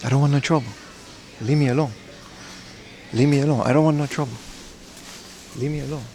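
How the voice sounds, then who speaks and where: Jokey impression: a man doing a middle-aged kung-fu hero pleading to be left alone, gravelly, singsong, no accent. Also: medium pitch, fairly quick, a little hiss or hum, close to an everyday voice. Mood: mock pleading. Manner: repeats pleas in a flat, bouncy singsong, no accent. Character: pleading male martial-arts movie hero, middle-aged. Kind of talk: jokey impression while livestreaming.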